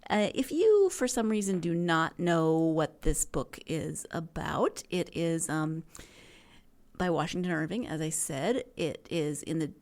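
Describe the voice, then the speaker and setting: A woman hosts her own podcast in a loose, chatty way, wandering off and correcting herself as she goes. Her voice sits a bit low and sounds stuffy, as if she has just had a sneezing fit. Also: animated, unhurried, darkish tone. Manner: rambling, chatty, self-correcting. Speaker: podcast host. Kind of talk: casual solo podcast chat.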